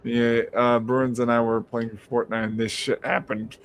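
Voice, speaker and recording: A man casually telling stories on a live stream call, animated and swearing freely. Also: a little slow, slight background noise. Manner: animated, acts out quotes in a high mocking voice, swears freely. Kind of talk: casual storytelling chat. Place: home.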